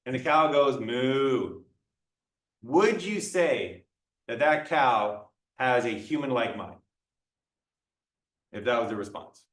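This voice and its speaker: A man's voice: medium pitch, animated, takes it slowly, long pauses, fairly bright tone. A male lecturer giving a conversational classroom talk, acting out little dialogues as he explains. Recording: echoey room, mic far off.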